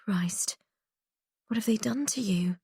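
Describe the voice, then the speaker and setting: A woman's voice: on the low side, fast, warm tone, breathy edge, no echo, studio quality. A woman voicing a tough, foul-mouthed young rescuer who hisses her words through gritted teeth. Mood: hissing.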